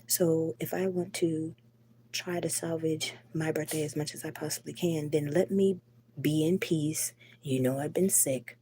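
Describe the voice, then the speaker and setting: Low-voiced woman venting bluntly while sick. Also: fairly even intonation, unhurried, mellow, a little hiss or hum. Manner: blunt, profane, rambling. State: sick with the flu. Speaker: live stream host. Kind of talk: casual live stream venting. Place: at home at night. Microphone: phone.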